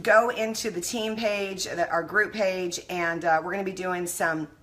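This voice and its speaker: A middle-aged woman giving a casual motivational talk on a live stream, animated and effusive, greeting her viewers by name. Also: lowish voice, measured pace.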